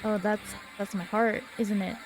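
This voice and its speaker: Slow-reading young woman gamer. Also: medium pitch, fairly even intonation, over music. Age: 20s. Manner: slow, dramatic reading with sudden startled outbursts. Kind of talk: reading horror game text aloud.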